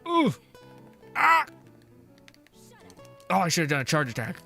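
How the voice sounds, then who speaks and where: A man's voice: on the high side, huge pitch swings, rapid-fire, fairly bright tone. A male streamer chatting casually while he plays, reading chat aloud, swearing often and laughing easily. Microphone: face mask on while talking. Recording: faint music behind the voice.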